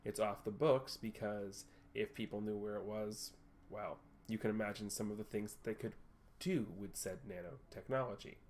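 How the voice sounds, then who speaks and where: A man voicing a self-assured wealthy male tech executive who talks in a polished, measured, slightly condescending way in a tabletop game. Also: on the low side, a little mellow, a little hiss or hum, close to an everyday voice. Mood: composed.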